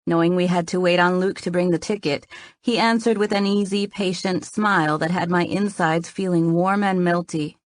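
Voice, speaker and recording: A woman's voice: on the low side, steady tone, normal speed. A woman narrating a first-person romance audiobook in an earnest storytelling manner, close to the mic.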